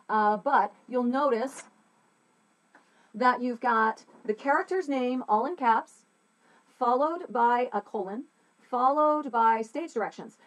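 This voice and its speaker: A woman's voice: medium pitch, rough recording. Middle-aged woman, playwright-teacher type, chatty and informal, talking through a script for a class. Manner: chatty and informal, with playful sound effects. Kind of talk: casual classroom lecture.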